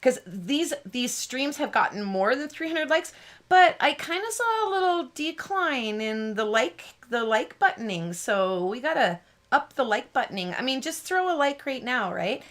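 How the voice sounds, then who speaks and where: A woman's voice: sits high, very animated, moderate pace, a bit bright. A woman hosting a card-making live stream, chatting in a bubbly, rambling way and laughing often.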